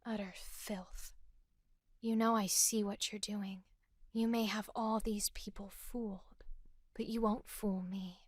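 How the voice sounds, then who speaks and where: Woman doing a stoic observant young woman investigator, whispered role-play, husky, slow. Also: mid-range voice, no room sound, studio quality, pitched below the performer's own voice. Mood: contemptuous. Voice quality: flat calm whisper.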